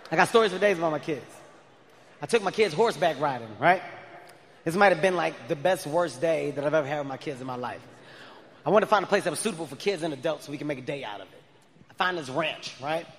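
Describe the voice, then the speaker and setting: A man in his thirties performing a stand-up comedy set, telling stories with loud animated outbursts. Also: on the high side, slight background noise. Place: large arena stage. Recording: live arena with long reverb.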